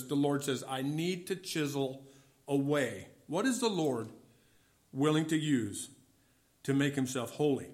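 Emphatic high-voiced male preacher. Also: a bit bright. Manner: emphatic, questioning, drops low on key words; reads scripture aloud with rising voice. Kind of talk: sermon.

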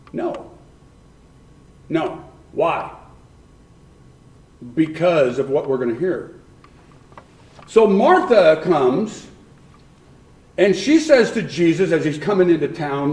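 Animated male preacher in echoey room. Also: a little high, slow pace, long pauses. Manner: questions the congregation, repeats for emphasis. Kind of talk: sermon.

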